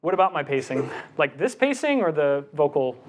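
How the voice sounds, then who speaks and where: A man's voice: on the high side, very animated, normal speed, a little hiss or hum. A man giving an interactive workshop talk to students, upbeat and quizzing his audience. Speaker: presenter coaching students. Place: classroom.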